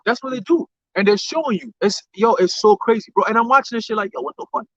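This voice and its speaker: Male co-host, high pitched, animated storyteller, dry lo-fi recording. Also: fast, no room sound. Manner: animated storytelling with acted quotes. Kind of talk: casual religious talk chat. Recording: dull lo-fi sound.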